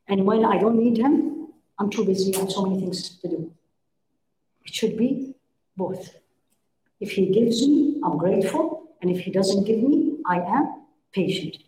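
A middle-aged religious teacher lectures a women's class in front of a live audience, keeping it engaging by questioning her listeners and acting out short dialogues. Her voice is mid-range and dark-toned. The room is echoey, and the recording has a little hiss or hum.

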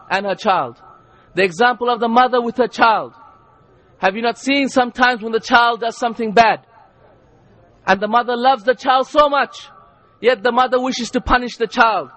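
A man preaches an impassioned sermon in a very high voice. He repeats his phrases for weight and rises to shouts. His delivery builds and falls in waves. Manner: impassioned, repetitive, rising to shouts.

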